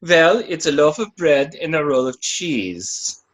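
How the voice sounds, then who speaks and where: A man voicing a medieval peasant restaurant owner in a put-on German accent, slow and matter-of-fact. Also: fairly high pitch, big pitch swings, fairly bright tone, pitched above the performer's own voice, full character voice. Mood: helpful. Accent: German, put on badly.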